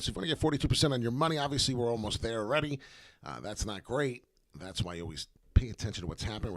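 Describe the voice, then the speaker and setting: Male crypto chart commentator, lowish voice, rambling off-the-cuff delivery with heavy fillers. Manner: rambling, filler-heavy, repeats words for emphasis. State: hiccuping. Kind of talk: casual market commentary.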